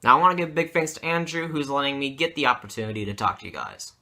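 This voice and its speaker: A man's voice: medium pitch, lively intonation, fast, bright, forceful tone. A young man giving an eager, upbeat guest take on a hockey game. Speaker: guest hockey fan youtuber. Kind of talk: casual game recap.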